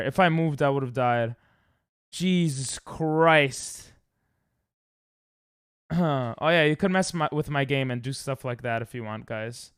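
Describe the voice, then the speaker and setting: A young man streaming a game, chatting casually with viewers and yelping loudly when he loses. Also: medium pitch, clear, resonant tone, no room sound, clean studio sound. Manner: rambling, loud yelps when dying in game. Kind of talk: casual live-stream chat while gaming.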